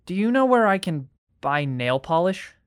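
A young actor playing an earnest, shy teenage boy in a radio drama, eager but quickly defensive. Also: high voice, sing-song, smooth. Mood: curious.

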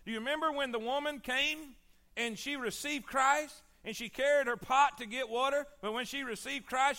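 A man preaches a sermon with a very high, bright voice. He repeats his points emphatically and calls for the congregation to answer. His delivery sounds like a pastor's. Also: moderate pace.

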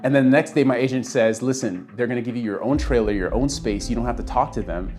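A man's voice: mid-range voice, quick pace, darkish tone, faint music behind. A young man casually telling a personal story, acting out the voices of the people he quotes. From Canada. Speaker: guest telling his story.

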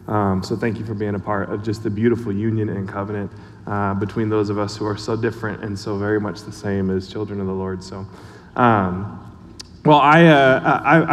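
A man's voice: mid-range voice, slight background noise. A man preaching a sermon as a church pastor, chatty and casual, with many fillers and restarts. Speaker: online and missions pastor. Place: church sanctuary. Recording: long hall reverb.

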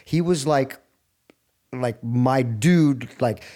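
A man's voice: mid-range voice, very slow, warm tone. A middle-aged man, a wrestling guest, telling stories in an enthusiastic, rambling way during a casual interview.

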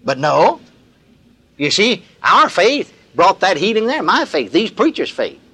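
A man's voice: high-pitched, sing-song, unhurried, bright, forceful tone, husky. An older man preaching a sermon in a folksy, emphatic, plain-spoken way, leading his congregation in call-and-response. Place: large gathering, live recording.

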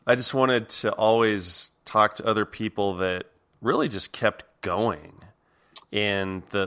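A man's voice: lowish voice, sharp tone, clear, resonant tone. A man hosting a podcast, chatting casually and telling a rambling story with lots of laughs. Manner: rambling, laughs a lot, restarts. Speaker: podcast host.

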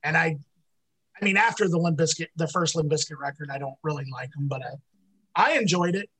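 A man co-hosting a podcast in casual chat, animated and laughing often. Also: fairly high pitch, brisk, slightly rough, poor audio. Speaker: podcast co-host.

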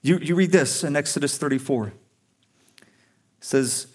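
A man's voice: on the high side, moderate pace, darkish tone. A male pastor preaching a sermon to a congregation in a conversational, earnest way, pushing up for emphasis on key points.

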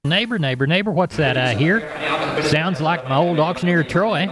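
A man's voice: a little high, animated, normal speed, over a noisy crowd. A man hosting a farm radio segment, interviewing a guest in a friendly, folksy way.

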